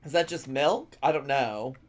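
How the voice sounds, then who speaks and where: A man live-streaming from home, reacting to a cooking video with wry, giggly commentary and thinking out loud. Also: mid-range voice, normal speed, background noise. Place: home with his dog.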